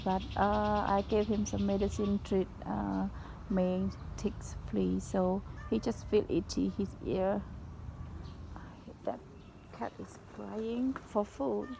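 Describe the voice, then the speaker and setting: In this casual vlog, a woman with a mid-range voice speaks slowly with vocal fry as she feeds stray animals outside a pagoda. She uses simple non-native English and coaxes the animals in a cooing baby-talk voice, with outdoor noise in the background.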